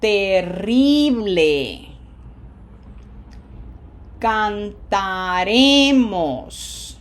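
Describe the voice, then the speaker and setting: Patient woman teaching a recorded lesson. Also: mid-range voice. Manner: patient, explains step by step, asks "okay?" often; says the example words slowly and loudly. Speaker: Spanish teacher.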